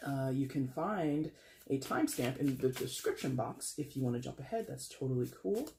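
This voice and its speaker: A man talks viewers through a tarot reading in a relaxed, chatty vlog. His voice sits at an ordinary middle pitch. He rambles and corrects himself as he goes, over faint background noise. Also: normal speed, gravelly. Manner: addresses viewers as guys. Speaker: tarot reader.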